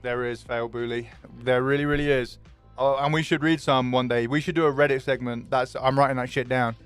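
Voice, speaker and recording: Guy streaming, smooth clear voice, chatty and jokey, faint music behind. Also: mid-range voice, fairly even intonation. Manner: chatty, jokey, quick to swear. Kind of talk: casual chat with viewers.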